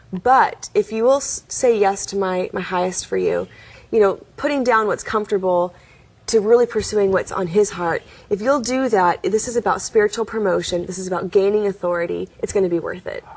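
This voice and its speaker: A woman, likely in her thirties, telling her faith story as an interview guest, earnest and often laughing softly. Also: medium pitch, a little fast, gravelly, slightly rough. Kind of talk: testimony in a studio interview.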